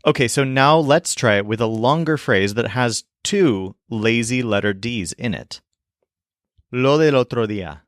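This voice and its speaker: A man teaching in a language lesson video, explaining clearly and modeling sounds slowly. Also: mid-range voice, no echo, studio quality. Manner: clear, demonstrative, slows to model pronunciation.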